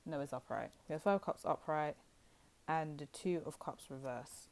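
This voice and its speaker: A woman's voice: low-pitched, moderate pace, a little hiss or hum. A young woman doing a casual tarot reading to camera, chatty and rambling, talking straight to her viewers. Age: young adult. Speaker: tarot reader.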